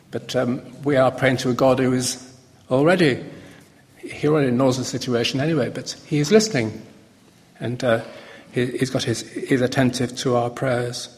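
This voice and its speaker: A man preaching a sermon in a relaxed, conversational way, often pausing and restarting his sentences. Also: mid-range voice. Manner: conversational, halting with fillers and restarts. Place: church hall. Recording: long hall reverb.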